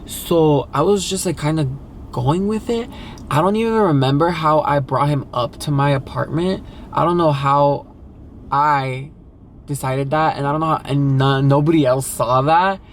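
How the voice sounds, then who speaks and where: A man's voice: fairly high pitch, moderate pace, a little hiss or hum. A young man telling a candid personal story in a casual vlog, talking loosely with lots of fillers and swearing. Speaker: vlogger.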